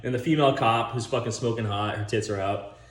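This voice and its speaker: A man rambling casually with lots of swearing about movie ideas, talking in an animated, chuckling way. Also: fairly low pitch, a little fast, roomy sound. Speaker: movie vlogger.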